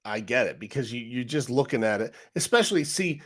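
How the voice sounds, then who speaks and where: A man's voice: mid-range voice, animated, fairly quick. A man hosting a casual livestream, talking straight to his viewers in a frustrated, rambling way. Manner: frustrated, rambling, talks to chat directly. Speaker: live stream host.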